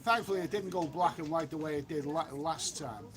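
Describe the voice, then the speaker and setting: A man's voice: on the high side, brisk, fairly bright tone. An English man chatting casually on a live stream outdoors by the beach, rambling with frequent restarts and the odd mild swear word. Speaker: travel vlogger live-streaming. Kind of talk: casual live-stream chat reading viewer comments.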